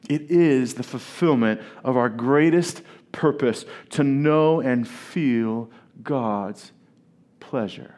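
A male pastor preaching a sermon at a church service, earnest and deliberate, leaning on key words with long pauses, and joking easily with his congregation. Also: mid-range voice, darkish tone. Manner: playful banter with the congregation.

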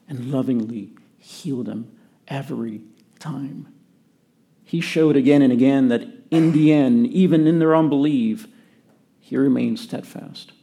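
Gravelly-voiced man preaching a sermon. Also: medium pitch. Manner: earnest preaching, drops to quiet emphasis. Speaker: pastor.

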